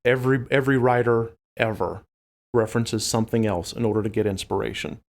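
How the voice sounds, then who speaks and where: A man from New Orleans with a New Orleans accent, co-hosting a game development podcast in a chatty, animated way and speaking directly to listeners. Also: on the low side, brisk, creaky. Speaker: podcast co-host. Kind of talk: casual podcast chat.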